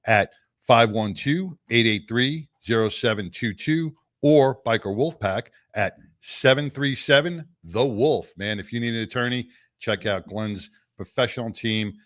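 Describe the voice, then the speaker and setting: A man's voice: medium pitch, unhurried, a bit bright, no room sound. A man hosting a live radio show in a studio, laid-back and chatty, often adding "man" at the end of a sentence. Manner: laid-back, says "man" a lot, laughs easily. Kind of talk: casual radio chat.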